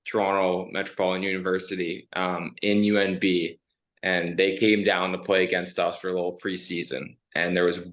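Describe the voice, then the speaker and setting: Low-voiced man in casual chat. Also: level tone, normal speed, fairly bright tone. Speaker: podcast host, university hockey player.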